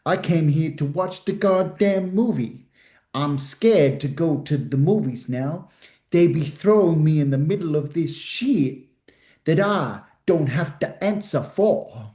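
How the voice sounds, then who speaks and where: A man's voice: on the high side, animated, a little slow, dark tone. An Australian man doing an impression of an exasperated older male rapper who swears indignantly, in a roomy podcast recording.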